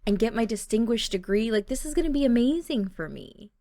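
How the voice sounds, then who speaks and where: A woman's voice: on the high side, animated, a little fast, warm tone, no echo, voice pushed up. A woman voicing an anxious young woman character in a life-sim game, hesitant and earnest.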